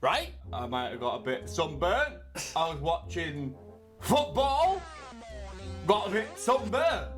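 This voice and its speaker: A man reads a game guide aloud for a video, his voice bouncing up and down as he keeps cracking up into giggles. He bursts into loud mock rants between readings. Faint music plays underneath. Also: a little high, moderate pace. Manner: animated, breaks into giggling fits and loud mock outbursts. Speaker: video creator.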